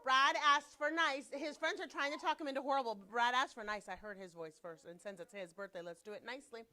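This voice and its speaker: A woman teaching a children's Sunday school class, bubbly and teasing, talking fast as she jokes with the kids. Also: fairly high pitch, pushed and bright. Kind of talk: children's class, lively and playful.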